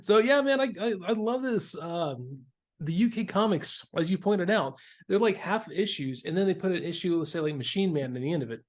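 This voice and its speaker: A man's voice: sits high, lively intonation, brisk. A man hosting a casual podcast chat about comics, laughing often and restarting his sentences. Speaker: podcast host.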